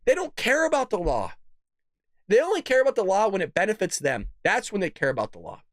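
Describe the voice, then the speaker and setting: A man hosting a political commentary show, ranting with heated, profane outbursts that swing from loud to muttered asides. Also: high voice, huge pitch swings, a little fast, no echo, clean studio sound.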